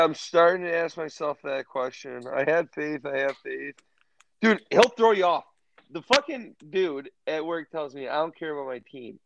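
Profane man, casual podcast banter. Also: a little high. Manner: profane, storytelling, animated. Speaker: podcast co-host. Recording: dull lo-fi sound.

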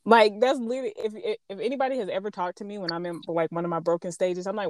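A young woman hosting a casual chat, talking candidly and telling animated stories in which she quotes other people. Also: mid-range voice, fast talker, hardly any pauses, a little hiss or hum.

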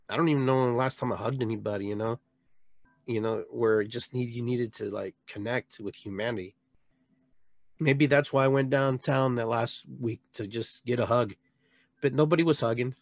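An emotional man of middle pitch talks from the heart, stumbling over his words and starting over. His voice jumps up loud and then sinks to a near murmur. The sound is close and dry, with no room echo. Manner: emotional, rambling, earnest with many restarts; swings between loud bursts and quiet trailing words. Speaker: podcast host and shaman. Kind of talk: heartfelt live monologue. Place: local area with a reservoir, addressing live viewers.

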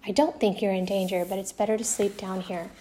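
A woman's voice: mid-range voice, steady tone, fairly quick, mellow, a little hiss or hum, lightly acted. A woman reading the lines of a tired, grave father reassuring his son. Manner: grave, weary.

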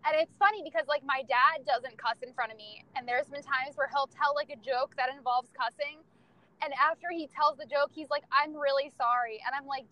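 A woman's voice: high voice, fairly even intonation, normal speed, bright, forceful tone, low-quality recording. A young woman telling candid, profane stories about her family in casual chat, laughing often.

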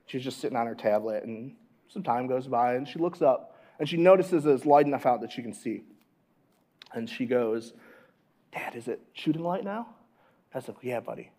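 A man in his thirties preaching a conversational sermon as a pastor, dropping to a hush and then rising loud and animated. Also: medium pitch, brisk.

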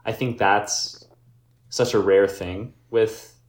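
A man co-hosting a podcast, talking haltingly in casual chat about an album. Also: on the low side, fairly even intonation, roomy sound. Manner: halting, searches for words. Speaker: podcast co-host.

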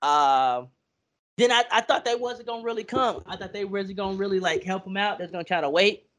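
A woman co-host tells the story animatedly, slipping into the voices of the people she describes. She swears freely and laughs often, and her pitch sits in an ordinary middle range. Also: a little fast. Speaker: podcast co-host. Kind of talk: casual chat.

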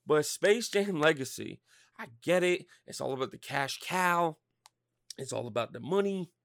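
A creaky, fairly high male voice carries a podcast host's profane, animated rant, spoken at normal speed and thick with filler words. He's in his thirties, and the studio recording is clean with no echo.

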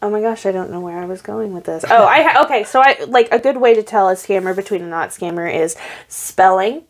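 A woman's voice: medium pitch, brisk. A woman co-hosting a podcast as a tarot reader, chatting candidly, swearing freely and acting out quoted dialogue. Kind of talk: casual chat.

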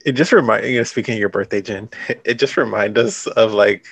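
Creaky-voiced man in casual chat. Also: fairly low pitch, a little fast, dry recording. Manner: relaxed and chatty, laughs often, many "like" fillers.

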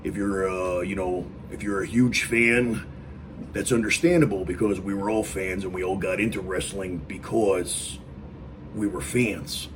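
A man's voice: low-pitched, steady tone, measured pace, noisy background. A man answering fan questions in a casual live stream from home, rambling with lots of fillers and "you know what I mean.". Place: home with dogs barking nearby.

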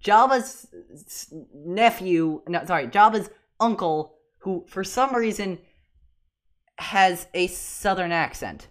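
Woman podcast co-host, very low voice, animated and exasperated, stumbles and restarts. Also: slow pace. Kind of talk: casual fan discussion.

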